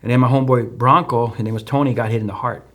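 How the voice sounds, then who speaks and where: A man's voice: mid-range voice, fairly even intonation, rapid-fire, a bit bright. A man with a Chicano English accent, a guest telling a personal testimony in a loose, storytelling way, with many fillers and restarts. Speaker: podcast guest.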